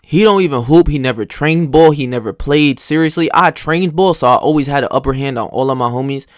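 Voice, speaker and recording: A young man telling casual stories in a slangy, profane, animated way. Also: a little high, brisk, dry recording, studio quality. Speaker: host. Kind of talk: casual storytelling monologue.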